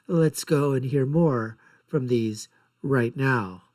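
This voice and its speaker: A man's voice: medium pitch, slow, darkish tone. A man hosting a political commentary show, ranting in a blunt, sarcastic and mocking way.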